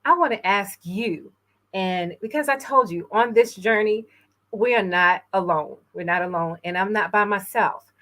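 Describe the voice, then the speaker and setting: A New York woman hosts an inspirational talk show, speaking earnestly and a little emotionally with frequent pauses. Her voice is medium in pitch with a fairly bright tone.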